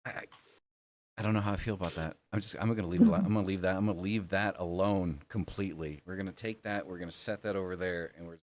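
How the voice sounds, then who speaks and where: A man's voice: sits low, fairly even intonation, fast. An American man hosting a casual podcast chat, laid-back, swearing and laughing often. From United States. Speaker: podcast host.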